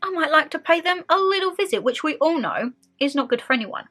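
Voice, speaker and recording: A bright, fairly high-voiced young British woman talks straight to her viewers in a relaxed sit-down vlog. She is outspoken and expressive, with faint music behind her. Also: brisk. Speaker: vlogger. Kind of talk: casual sit-down chat.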